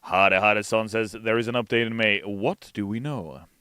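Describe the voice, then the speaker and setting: A man's voice: fairly low pitch, steady tone, normal speed, sharp tone, clean tone, no room sound. A man hosting a game livestream, casually reading chat messages aloud and answering them from a studio. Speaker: game stream host.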